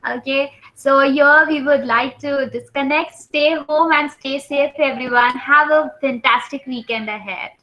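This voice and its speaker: A woman's voice: high voice, steady tone, a little slow, few pauses. A woman moderating a webinar question session, speaking politely and formally. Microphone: video call. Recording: dull webinar audio.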